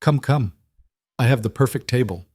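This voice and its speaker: A man's voice: mid-range voice, moderate pace, a little mellow, no echo, studio quality, pitched above the performer's own voice, close to an everyday voice. A man voicing an older Italian woman who runs a restaurant, bossy and teasing, in an audiobook reading. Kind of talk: audiobook character voice.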